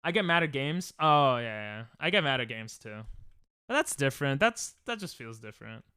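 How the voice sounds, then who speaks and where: A man's voice: medium pitch, big pitch swings, normal speed, bright, forceful tone, smooth, no room sound. A young man chatting casually on a live stream while gaming, joking, laughing often and reading chat aloud from a close desk mic at home.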